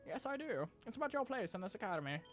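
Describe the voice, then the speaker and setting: A man's voice: high voice, sing-song, quick pace, faint music behind, voice pushed up. A man doing a kindly old professor. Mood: reassuring. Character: kindly older male professor, calm mentor.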